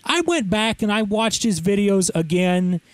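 A man with a notably high voice hosts a casual interview, trading jokes in relaxed banter. The sound is dry and close. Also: unhurried, dry recording. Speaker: interviewer, host. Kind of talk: casual chat.

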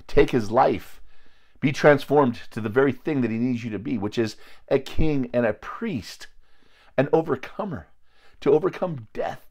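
A man's voice: mid-range voice, a little mellow. A man preaching informally to a small group, blunt and confrontational, at times crude, rambling with restarts. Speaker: lay preacher.

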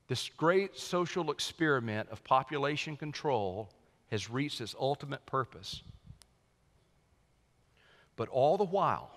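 A male senior pastor preaching a sermon, swinging from loud, lifted lines down to quiet, low emphasis. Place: church sanctuary. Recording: long church hall reverb.

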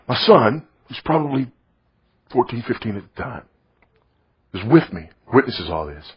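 A middle-aged man preaching, telling a story in a sermon, swinging from loud to hushed. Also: mid-range voice, very animated, normal speed, breathy edge. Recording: dull lo-fi recording.

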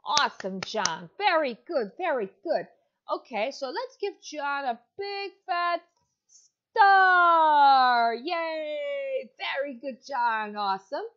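In a demo online lesson for a child, a woman ESL teacher in her thirties speaks slowly and with lots of life, using exaggerated, encouraging teacher talk full of praise. Her voice sits high, and the sound quality is lo-fi.

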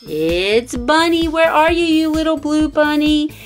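A woman unboxes toys for children in an excited, animated way, gasping and calling out to the viewers. Her voice sits high and her pace is slow and careful. Faint music plays behind her. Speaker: toy channel host.

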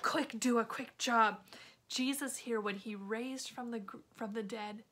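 A woman teaches children a Bible lesson in an animated, chatty way. Her voice sits high and sounds bright and sharp. She keeps turning to the kids with quick asides.

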